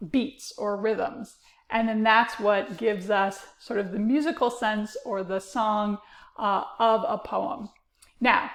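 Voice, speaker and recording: A woman's voice: medium pitch, creaky, roomy sound. A woman teacher giving a recorded lecture, explaining with frequent uh and um fillers. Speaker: literature teacher.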